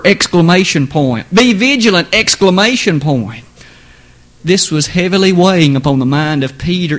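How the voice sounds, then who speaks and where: Give me an earnest man preaching a sermon with emphatic, rising delivery and a slightly high voice.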